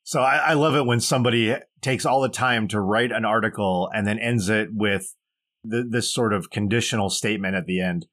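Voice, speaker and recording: A man's voice: lowish voice, normal speed, a bit bright. A man co-hosting a podcast, reading poll results aloud with dry, wry asides in casual chat. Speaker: podcast co-host.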